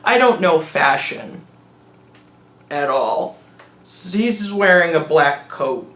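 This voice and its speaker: A man's voice: a little high, expressive, slow, pushed and bright. A man giving a sarcastic, rambling movie review, mocking the film as he goes. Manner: rambling, mocking, acts out characters in silly voices. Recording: roomy echo.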